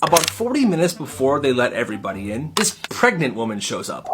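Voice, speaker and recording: A man telling quick comedy stories and acting out the people in them. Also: mid-range voice. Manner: animated storyteller, acts out characters. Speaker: comedy creator. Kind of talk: storytelling comedy skits.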